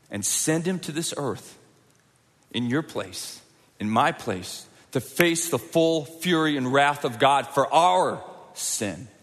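A man preaching a sermon, swinging between forceful, loud peaks and hushed, quiet passages. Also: mid-range voice. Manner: dynamic, swings from loud intense peaks to hushed near-whispers. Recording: long hall reverb.

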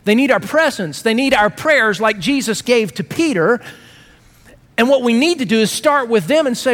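A middle-aged male pastor preaching with a high, bright-edged voice that swoops up and down as he tells stories on himself. His delivery is lively and self-mocking, and it keeps rolling between playful asides and earnest points. An audience laughs faintly in the distance. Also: normal speed. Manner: animated storytelling with self-mocking humor. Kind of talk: sermon.

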